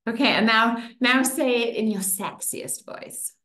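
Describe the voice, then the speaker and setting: A woman leading a guided affirmation exercise online, stretching out affirmations slowly with playful asides. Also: a little high, fairly bright tone, roomy sound. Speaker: workshop leader.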